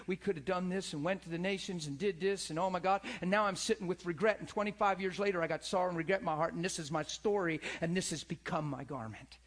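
High-voiced impassioned male preacher. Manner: impassioned preaching, swinging from loud calls to hushed near-whispers. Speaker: pastor. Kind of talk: sermon.

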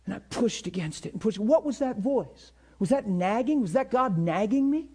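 Middle-aged male pastor, unusually high voice, fervent sermon delivery with big dynamic swings. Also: lively intonation, moderate pace, slightly rough. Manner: impassioned preaching that swings between hushed and shouted.

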